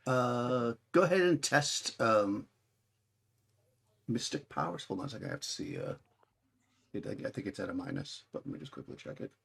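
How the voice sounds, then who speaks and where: A man's voice: fairly low pitch, big pitch swings, moderate pace, creaky, pauses often, fairly bright tone, husky. A man narrating as game master of a tabletop game, talking in a rambling way with many restarts.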